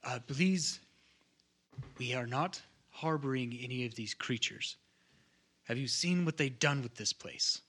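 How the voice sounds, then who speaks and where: A man's voice: medium pitch, unhurried, pauses often, pushed and bright, husky, heavily acted. A man playing weary town leader Dracarys. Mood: urgent.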